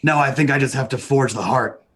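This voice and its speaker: A man playing a tabletop game, talking calmly with some hesitation. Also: mid-range voice, fairly quick, slight background noise. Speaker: player. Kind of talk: casual tabletop play.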